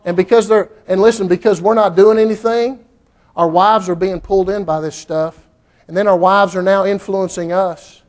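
A man's voice: high voice, fairly even intonation, moderate pace. A middle-aged man preaching a sermon in a church, folksy and repetitive, rising to fervent outbursts.

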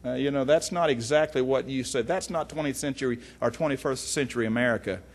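A middle-aged man, teaching from the Bible in a folksy, animated way with frequent asides. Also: medium pitch, quick pace, breathy edge. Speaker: preacher.

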